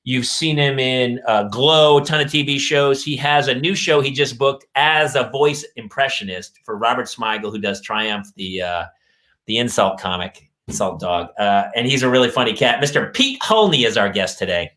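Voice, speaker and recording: Bright-voiced joking male podcast host. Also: medium pitch, normal speed. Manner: joking, teasing interviewer. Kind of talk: casual podcast chat.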